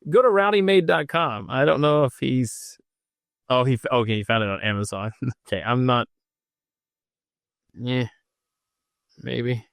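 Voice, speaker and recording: Male podcast host reading live comments, mid-pitched, rambling, self-deprecating, dry close sound. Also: unhurried, creaky, long pauses, fairly bright tone, clear, resonant tone, dry recording. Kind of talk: casual rambling livestream chat.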